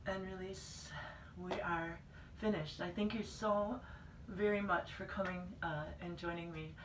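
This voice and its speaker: A woman fitness instructor talks a class through a plank workout in calm, steady cues and keeps reminding everyone to breathe. Her voice sits a little low. She is picked up from some distance in a roomy, echoing space. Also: a little slow, background noise. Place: fitness center room. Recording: echoey room from a distance.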